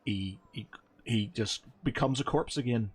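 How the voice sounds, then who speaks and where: Man running a tabletop game, slow and loose, wanders through his narration. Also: medium pitch, husky. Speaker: game master.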